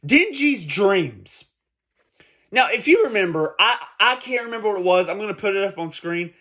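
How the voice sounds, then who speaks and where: Male vlogger, high-pitched, emphatic and profane, casual heated commentary. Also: big pitch swings, normal speed, bright, forceful tone. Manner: emphatic, profane, repeats points for stress.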